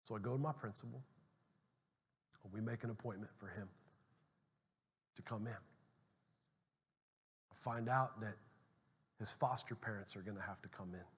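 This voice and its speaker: Pastor guy telling a story in a sermon, bit husky, big echoey hall. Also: fairly low pitch, unhurried, pauses often. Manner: animated storytelling, swings from hushed to loud. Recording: long hall reverb.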